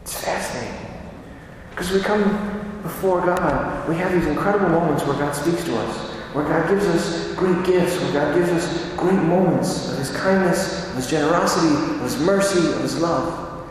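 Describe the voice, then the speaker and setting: A man's voice: a little high, moderate pace, slight background noise. A man giving a conversational sermon, asking rhetorical questions and repeating phrases for emphasis. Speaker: preacher. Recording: echoey hall, voice from far off.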